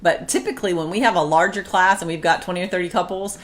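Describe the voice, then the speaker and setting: A woman co-hosting a casual talk on marriage, who speaks in an animated way and acts out past arguments. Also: fairly low pitch, fast. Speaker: marriage podcast co-host. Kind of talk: casual chat.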